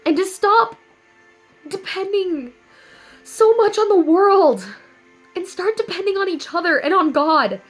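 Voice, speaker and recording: High-voiced earnest young woman vlogging. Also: measured pace, long pauses, faint music behind, rough recording. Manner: earnest, upbeat, animated storytelling. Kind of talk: casual inspirational talk to viewers.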